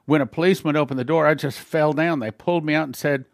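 A man's voice: fairly high pitch, fairly even intonation, quick pace, dry recording, studio quality. A man giving an earnest spoken testimony in a sermon, telling his story plainly with small slips and acting out the voices of others. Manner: acts out dialogue with shifting voices.

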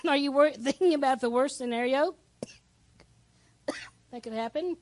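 Woman, pastor, lively conversational sermon, high-pitched, dry. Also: slow, no echo. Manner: lively, conversational preaching with asides to the congregation.

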